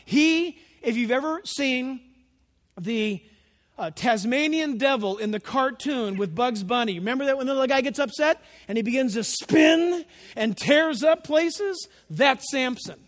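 High-voiced man preaching in a reverberant hall. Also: a little slow. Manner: conversational, animated storytelling asides. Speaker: pastor. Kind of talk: expository sermon. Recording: long reverb of a large hall.

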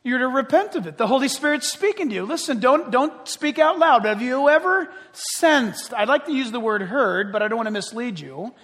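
A man preaching a sermon in an animated, joking style, full of rhetorical questions to the congregation. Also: extremely high pitch, normal speed, few pauses, long reverb tail.

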